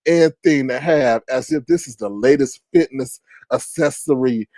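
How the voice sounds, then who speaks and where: A man hosting a live stream, telling funny stories in a casual, profane, streetwise way and jumping into loud, high exclamations when he retells his reactions. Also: a little slow, dry recording. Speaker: livestream host. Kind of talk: casual storytelling to a live chat.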